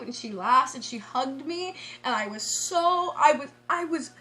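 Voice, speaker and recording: A woman vlogger tells a story casually and excitedly, laughing a lot and starting her sentences over. She has a high voice and speaks a little slowly.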